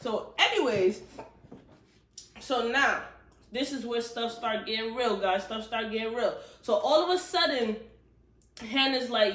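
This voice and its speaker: Woman book reviewer, lively and profane, roomy space. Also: on the high side, unhurried, long pauses. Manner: animated, profane, chatty storytelling. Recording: roomy echo.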